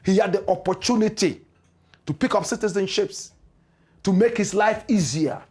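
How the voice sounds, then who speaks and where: High-voiced, impassioned Ghanaian man preaching. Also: moderate pace, darkish tone. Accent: Ghanaian English. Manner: impassioned, preachy, repetitive rhetorical cadence. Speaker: radio and online show host. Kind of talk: political commentary monologue.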